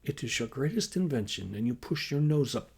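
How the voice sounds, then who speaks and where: A man reading the part of a patient Northern European woman scientist who speaks gently and matter-of-factly, with slightly odd phrasing. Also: lowish voice, moderate pace, husky.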